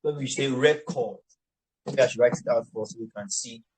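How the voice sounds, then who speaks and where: A man teaching an online English lesson on word stress, slowly repeating words and checking in with "all right". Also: mid-range voice, darkish tone, slightly rough, poor audio. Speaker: English tutor.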